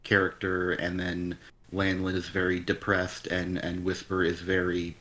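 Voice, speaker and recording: A man's voice: deep voice, completely flat delivery, moderate pace, sharp tone. A man co-hosting a live comic review stream, ranting bluntly and with exasperation, swearing freely. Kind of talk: casual critical chat.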